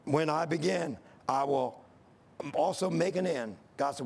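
Man preaching a sermon, high voice with gravelly fry, folksy storyteller. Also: measured pace. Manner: folksy storytelling, reading scripture aloud.

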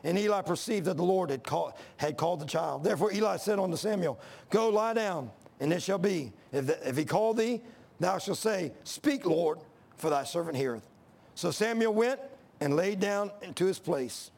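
A man's voice: high voice, animated, moderate pace, creaky, darkish tone. A man preaching a sermon, reading scripture and telling folksy stories.

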